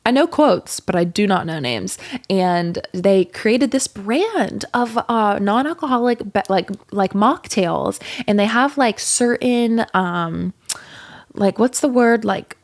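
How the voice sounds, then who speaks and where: Gravelly-voiced woman telling a candid story. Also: medium pitch, animated, slow pace. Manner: candid, swears freely, rambling with many fillers. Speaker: podcast host. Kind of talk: casual storytelling monologue.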